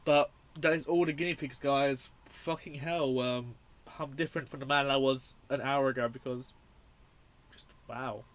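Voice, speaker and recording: A young man reviewing a horror film in a casual, rambling, profane and excitable way. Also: medium pitch, normal speed, a little hiss or hum.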